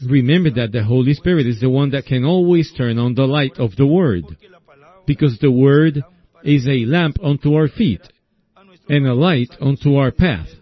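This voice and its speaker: A man preaching a sermon in a slow, folksy storytelling way, often asking his listeners "see?". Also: medium pitch. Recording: dull lo-fi recording.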